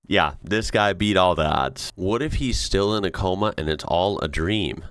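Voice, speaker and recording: Low-voiced excitable man reacting to clips. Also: normal speed, dry recording, studio quality. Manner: excitable, laughs often, slangy. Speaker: reaction video host. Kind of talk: casual reaction commentary.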